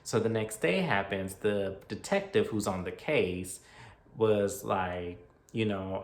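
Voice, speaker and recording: A man's voice: fairly low pitch, slow pace. Chatty man recapping a movie. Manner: chatty, acts out character lines. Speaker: movie reviewer. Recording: echoey room.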